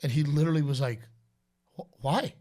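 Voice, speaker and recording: The podcast host, a middle-aged man, talks fairly quickly in a slightly high voice. He shares stories conversationally and animatedly, putting on voices for quotes and announcer calls.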